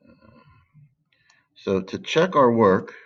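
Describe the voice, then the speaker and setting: A man's voice: medium pitch, big pitch swings, takes it slowly, lo-fi sound. A man teaching math in a screen-recorded lesson, patiently stressing key words and thinking aloud with fillers.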